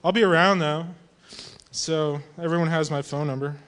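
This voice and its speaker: A man's voice: on the high side, steady tone, normal speed, a bit bright, clear, resonant tone. A man, a church youth group leader, giving a casual and humorous farewell speech to a congregation.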